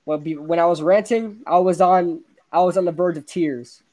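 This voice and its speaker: A young man hosting a casual sports podcast, ranting excitedly and laughing often. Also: sits high, normal speed. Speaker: podcast host.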